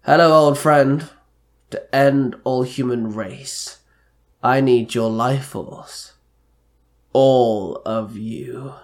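A man voicing an evil male villain who wants to wipe out humanity, speaking in a slow, menacing drawl. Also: medium pitch, steady tone.

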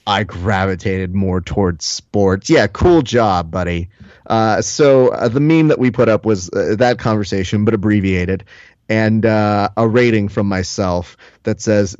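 A man's voice: on the low side, a little slow, darkish tone, dry recording. A man co-hosting a podcast in casual chat, joking and rambling with lots of fillers, recorded with a slightly dull lo-fi sound. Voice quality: jokey, rambling, with many "uh" fillers. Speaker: podcast co-host.

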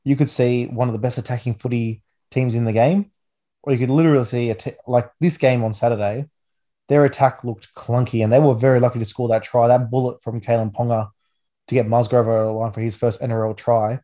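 A man's voice: mid-range voice, steady tone, fairly quick, mellow. A man in his twenties with an Australian accent, hosting a casual rugby league chat with enthusiastic, rambling talk full of restarts. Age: 20s. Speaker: podcast host.

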